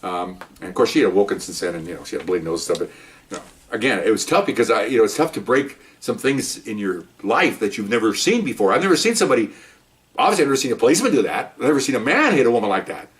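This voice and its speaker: Fast-talking low-voiced man telling stories. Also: distant mic. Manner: animated storytelling, acting out quotes, chuckling. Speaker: retired police officer telling stories. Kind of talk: casual storytelling monologue.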